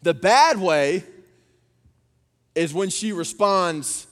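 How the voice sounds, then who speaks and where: A man, preaching a sermon and telling family stories with animated impressions. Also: high-pitched, drawn-out words. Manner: animated storytelling, acting out his daughters' voices. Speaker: pastor. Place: church auditorium. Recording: long reverb of a church hall.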